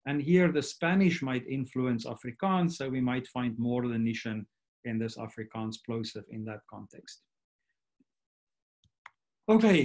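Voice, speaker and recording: A man's voice: medium pitch, a little mellow. Man giving an academic lecture. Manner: explanatory, checks in with "right?". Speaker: guest lecturer. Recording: online workshop talk.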